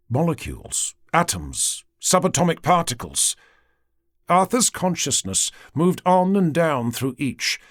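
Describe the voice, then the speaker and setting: A man narrating an audiobook in a measured, dramatic way. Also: a little high, fairly bright tone, no echo, studio quality.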